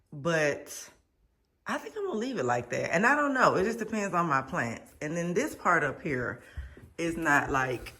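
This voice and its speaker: A woman's voice: deep voice, sharp tone, husky. A woman vlogger chatting casually to her viewers, rambling and addressing them as y'all.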